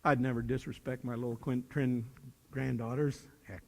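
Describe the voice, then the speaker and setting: A man's voice: medium pitch, flat delivery, normal speed, vocal fry, long reverb tail. An older man giving a speech to a young audience about leadership. He talks in an emphatic, joking manner and keeps repeating his key phrases like a preacher. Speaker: motivational speaker.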